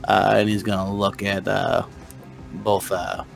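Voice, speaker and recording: A player in a tabletop game narrating what his character does. His low voice has a gravelly edge, and he halts often with fillers. Faint music sits underneath. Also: flat delivery, a little slow.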